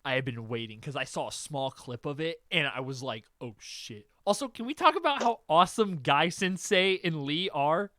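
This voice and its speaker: Excited guy hosting a podcast, cussing a lot, voice jumping all over, dry sound. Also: a little high, moderate pace, few pauses, no echo. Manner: excitable, profane, animated. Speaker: podcast host. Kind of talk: casual chat.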